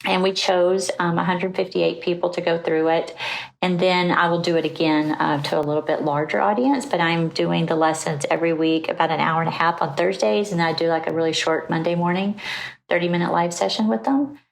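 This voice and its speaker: A middle-aged woman with a lowish voice speaks as a podcast guest. She tells her story in an animated, conversational way and slips into the voices of the people she quotes. She laughs easily along the way. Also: fairly quick, gravelly, rough recording.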